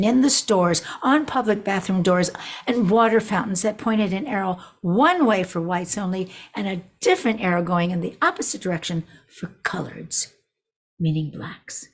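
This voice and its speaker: A woman in her eighties from New Orleans, telling a personal story with lively, playful asides to the audience. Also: fairly low pitch, husky. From New Orleans, USA. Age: 80s.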